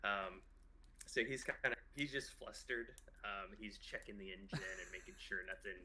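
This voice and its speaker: A man's voice: on the low side, normal speed, pushed and bright, a little hiss or hum, rough recording. A man playing in a tabletop role-playing game, describing what his character does in a rambling way full of fillers. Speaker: player.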